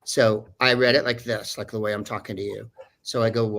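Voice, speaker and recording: A man's voice: on the low side, little pitch movement, fairly quick, gravelly, a bit bright. A man who is a voice actor telling a story in a casual way, rambling and digressing with many fillers. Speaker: voice actor guest.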